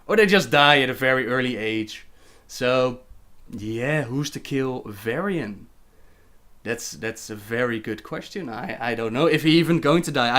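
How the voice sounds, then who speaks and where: Speaking English with a Dutch accent, a young man runs a relaxed livestream Q&A, reading questions from chat and answering them easily and chattily, often laughing. His voice is a bit higher than most men's.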